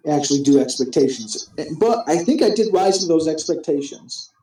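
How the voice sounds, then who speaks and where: A man's voice: a little high, expressive, moderate pace, dark tone, echoey room, poor audio. A man hosting a casual chat, recapping a wrestling show, rambling, restarting his sentences and swearing often.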